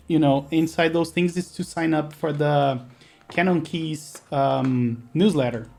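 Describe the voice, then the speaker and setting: A man's voice: fairly high pitch, gravelly, a little mellow. A man from Brazil, a native Portuguese speaker with a Brazilian accent, chatting casually on a live stream and answering chat while he builds.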